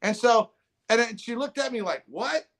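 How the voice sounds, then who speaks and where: High pitched middle aged guy rambling thru a story, acts out the other voices. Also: moderate pace, gravelly. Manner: rambling, restarts, quotes others in lively voices. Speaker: podcast guest. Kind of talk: casual storytelling.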